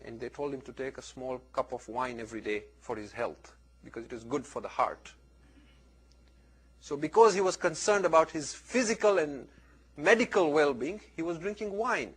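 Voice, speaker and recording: A man giving a religious lecture, telling stories in an earnest, animated way with big swings between loud and soft. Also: on the high side, breathy edge. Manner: earnest, animated storytelling with wide swings in loudness. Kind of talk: sermon with storytelling.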